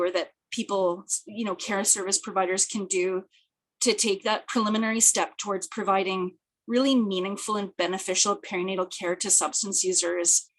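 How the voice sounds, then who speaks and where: A speaker, giving an earnest, thoughtful webinar presentation over a video call, slightly hoarse and often restarting phrases. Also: female voice, mid-range voice. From British Columbia, Canada. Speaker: peer project coordinator and presenter. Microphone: video call, camera off.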